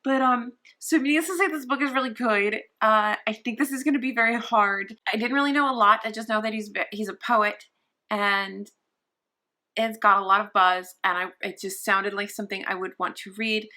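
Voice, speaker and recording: A woman's voice: mid-range voice, moderate pace, pushed and bright. A young woman vlogging casually from her sofa at home, rambling and gushing with many restarts. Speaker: book vlogger. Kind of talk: casual vlog chat.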